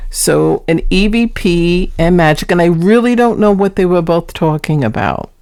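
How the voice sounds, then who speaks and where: Woman host, lowish voice, dry close sound, chatty and earnest when setting up clips. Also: animated, normal speed, darkish tone, no echo. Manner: chatty, earnest, explains each clip before playing it. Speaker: paranormal vlog host. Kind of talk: casual vlog narration introducing clips.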